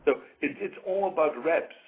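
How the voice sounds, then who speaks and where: A man's voice: fairly high pitch, moderate pace, slight background noise. A man giving an interview in a casual, emphatic way, repeating his points over and over. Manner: emphatic, repeats points, acts out quoted voices. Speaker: interview guest. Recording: tinny phone-like radio sound.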